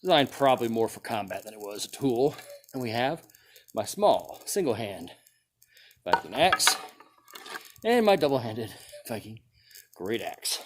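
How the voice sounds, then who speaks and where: A man's voice: medium pitch, big pitch swings, unhurried, pauses often, noisy background. A man hosting his own video, casually talking through a test-cutting demonstration, thinking aloud and chuckling as he goes. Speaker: video host demonstrating weapons. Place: outdoors or in a workshop during a test-cutting session.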